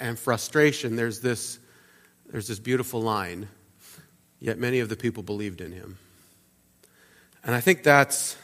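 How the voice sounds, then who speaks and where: A man preaching a sermon in a relaxed, conversational way, with restarts and explanatory asides. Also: medium pitch, long reverb tail. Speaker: pastor. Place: church sanctuary.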